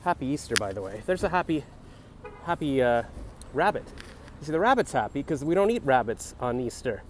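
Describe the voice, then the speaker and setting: A man's voice: medium pitch, sing-song, a little fast, a little hiss or hum. A young man rambling in a comic vlog outdoors on a city street, musing and free-associating, recorded on a handheld phone. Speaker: comedian vlogger.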